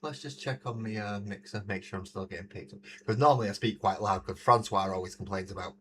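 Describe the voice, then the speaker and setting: This livestream host talks fast in a lowish voice with fairly even intonation. Painting miniatures at a desk mic held close to his face, he chats casually, laughs often, and reads viewers' chat messages aloud.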